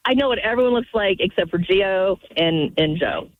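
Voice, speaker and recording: A woman's voice: medium pitch, animated, moderate pace, a little hiss or hum. Gushing female caller on a tinny phone line. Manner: chatty, apologetic, gushing. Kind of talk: phone-in chat. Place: car.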